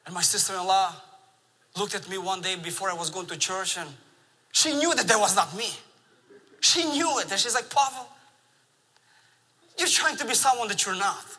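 Bright-voiced man preaching in a hall. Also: sits high, moderate pace, pauses often, slightly rough. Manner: animated storytelling with laughs. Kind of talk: sermon. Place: large church sanctuary. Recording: long reverb of a large church hall.

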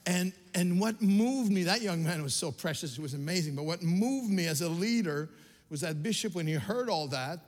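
A man's voice: high voice, expressive, moderate pace. An older male pastor from Quebec preaching with rising passion and frequent restarts. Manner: impassioned, rising to near shouts, many restarts. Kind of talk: sermon. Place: church sanctuary. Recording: reverberant hall with music behind.

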